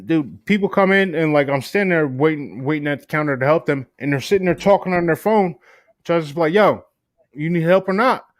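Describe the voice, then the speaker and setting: A laid-back man chats and swaps stories, his voice sitting a little high. He swears casually and slips into quick put-on voices for customers. The sound is dry and close, with no room around it. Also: no room sound. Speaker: podcast co-host. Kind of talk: casual chat. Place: works at a gas station in New York City.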